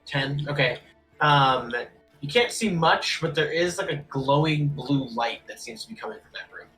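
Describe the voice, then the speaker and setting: A game master narrating a tabletop game, quick and rambling with lots of fillers. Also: medium pitch, fairly bright tone, soft background music, low-quality recording.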